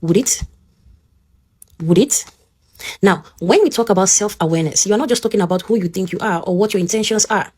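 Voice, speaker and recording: A woman's voice: mid-range voice, brisk, pauses often, darkish tone, breathy edge. A woman with a Nigerian English accent giving a motivational teaching talk, speaking earnestly and directly to the listener and often checking in with them.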